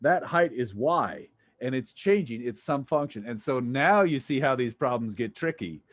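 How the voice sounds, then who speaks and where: A man's voice: medium pitch, lively intonation, normal speed. A man lecturing a physics class, casual and jokey, thinking aloud as he works through problems with students. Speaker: physics instructor.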